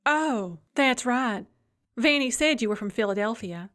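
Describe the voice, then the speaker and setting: A woman's voice: a little high, expressive, measured pace, fairly bright tone. A woman narrating an audiobook, voicing a doting, shrewd old grandmother with a fond, drawling, teasing manner. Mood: chatty. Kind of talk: audiobook character voice.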